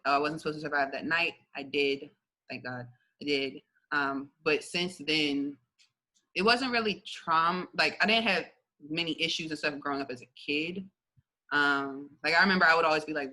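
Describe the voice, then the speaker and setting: A young woman gives her faith testimony in a casual interview, talking in a loose, chatty way. Her voice is very bright and forceful, and she breaks into laughter often. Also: low voice, low-quality recording. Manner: lively, chatty, laughs often, many fillers. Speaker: guest sharing her testimony.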